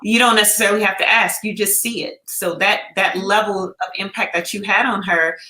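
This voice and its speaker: A woman hosting a virtual book launch, asking measured questions and affirming the guests on a video call. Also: mid-range voice, steady tone, sharp tone, echoey room. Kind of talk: casual panel conversation. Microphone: video call microphone.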